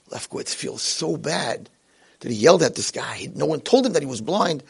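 A man's voice: fairly high pitch, lively intonation, moderate pace, creaky, slightly rough. Dramatic male storyteller. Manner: dramatic storyteller who acts out voices. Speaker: inspirational speaker. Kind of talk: sermon-like storytelling speech.

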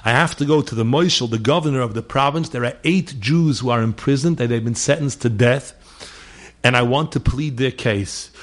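A middle-aged man delivers a holiday sermon as a string of stories, his voice sitting at an ordinary pitch. He weaves Yiddish and Hebrew words into his English and speaks the lines of the people in his tales. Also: normal speed. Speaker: rabbi giving a holiday talk. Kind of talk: sermon with storytelling.

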